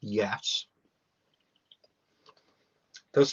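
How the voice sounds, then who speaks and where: A man's voice: fairly low pitch, measured pace, a bit bright. A young man giving a rambling, sweary, casual live-stream beer review, talking while chewing. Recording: dull lo-fi stream audio.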